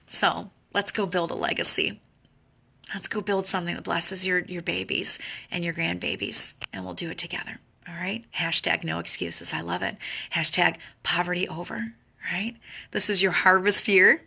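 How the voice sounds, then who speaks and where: Fervent woman with a gravelly bright voice. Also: lowish voice, normal speed. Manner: fervent, pleading, repetitive pep talk. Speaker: network marketing team leader. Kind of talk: motivational training talk.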